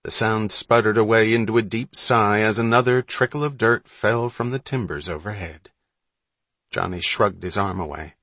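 A man narrating a story in a measured, suspenseful reading. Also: on the low side, pushed and bright, dry recording. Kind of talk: audiobook narration.

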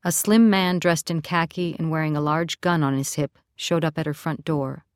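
Woman, audiobook narrator, steady even storytelling, low voice, dry close recording. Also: moderate pace, clear, resonant tone, no echo. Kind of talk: scripted narration.

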